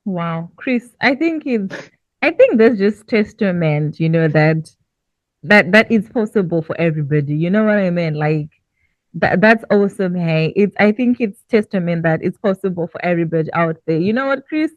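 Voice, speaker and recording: A woman's voice: fairly low pitch, lively intonation, moderate pace, no echo, lo-fi sound. A woman hosting a casual interview podcast, asking reflective questions in an encouraging way. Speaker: podcast host.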